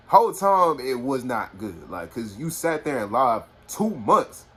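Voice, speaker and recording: A man's voice: mid-range voice, measured pace, few pauses, slightly rough. Rambling man telling a story. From Houston, Texas. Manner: rambling, filler-heavy, animated retelling. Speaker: vlogger. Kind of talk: casual storytime. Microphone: phone.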